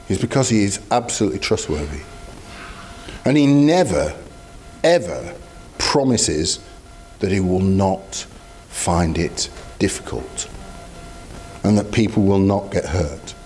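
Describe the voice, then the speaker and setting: A man's voice: lowish voice, lively intonation, slow pace, pauses often, a little mellow, faint music behind. A man preaching a sermon in a conversational, storytelling way with asides to the congregation.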